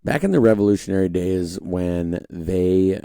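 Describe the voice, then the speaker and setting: A man's voice: low voice, unhurried, dark tone, smooth, dry recording, clean studio sound. A young man hosting a casual political commentary monologue, rambling with restarts and mocking voices when he quotes others. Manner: conversational, rambling with frequent restarts and fillers. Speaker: podcast host.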